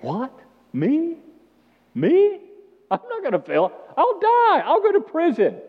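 A man squeaking as an indignant disciple. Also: wildly swooping pitch, slow pace, exaggerated voice. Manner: shrill, incredulous outbursts. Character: brash indignant male disciple protesting. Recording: dull sound with long hall reverb.

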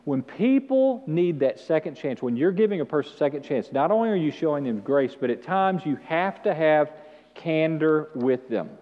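A male pastor preaching an animated sermon with call-and-response to the congregation in a church. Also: on the high side, moderate pace. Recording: dull sound with long hall reverb.

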